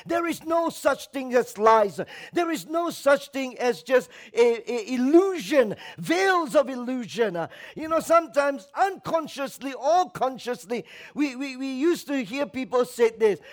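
High-voiced emphatic male preacher. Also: expressive, unhurried, few pauses. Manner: emphatic, calls for congregation responses, swings between loud and soft; acts out quoted voices with mocking tones. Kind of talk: sermon.

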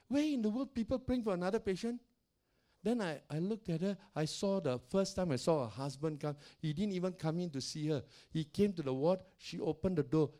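An older pastor with a fairly high-pitched voice tells stories during a sermon, loud and animated. He laughs often and acts out the voices of the people he quotes.

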